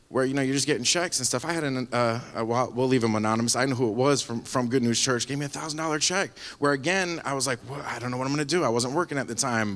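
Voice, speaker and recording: A man giving a rambling, animated spoken testimony at a church service, telling his story with laughs along the way. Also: medium pitch. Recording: live church hall with long reverb.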